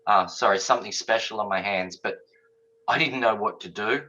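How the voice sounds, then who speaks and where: A man's voice: on the low side, a little fast, husky. A middle-aged man, an interview guest, telling a personal story casually and acting out the conversations he recalls. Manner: animated, acts out quoted conversations. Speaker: guest author. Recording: dull lo-fi audio.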